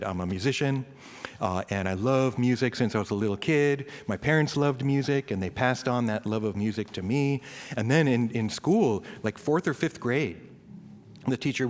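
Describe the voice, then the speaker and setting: A man giving an informal, self-deprecating Dharma talk, peppered with "right?" asides and rising into animated rants. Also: mid-range voice. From US East Coast. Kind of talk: informal sermon. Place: temple hall. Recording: reverberant hall.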